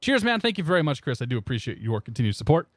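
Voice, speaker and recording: A man's voice: mid-range voice, big pitch swings, very fast, no room sound, clean studio sound. A young man streaming a flight sim, rambling casually and greeting his chat by name into a desk microphone. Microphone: new desk microphone.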